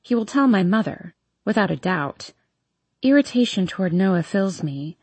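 A woman reading a first-person romance story aloud in a soft, intimate manner. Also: mid-range voice, lively intonation, normal speed, slightly rough, no echo. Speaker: audiobook narrator.

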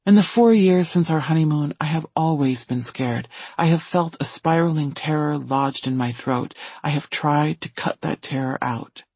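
A man reading a first-person story aloud in a steady audiobook narration. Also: fairly high pitch, normal speed, vocal fry, hardly any pauses, breathy edge, dry recording.

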